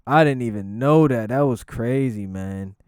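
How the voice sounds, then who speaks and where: A man hosting a casual commentary vlog, talking in an unhurried, drawn-out way and swearing freely. He gets animated and laughs through his stories. His mid-pitched voice sits close to the microphone in a dry, dead room. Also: clear, resonant tone, no room sound.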